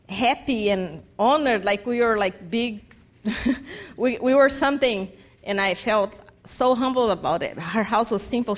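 Woman sharing a testimony. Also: fairly high pitch. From Brazil. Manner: animated storytelling, acts out quoted dialogue, non-native phrasing. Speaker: church mission trip member. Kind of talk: personal testimony.

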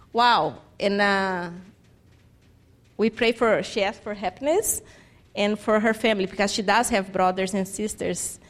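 Woman sharing a testimony. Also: medium pitch. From Brazil. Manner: animated storytelling, acts out quoted dialogue, non-native phrasing. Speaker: church mission trip member. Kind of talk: personal testimony.

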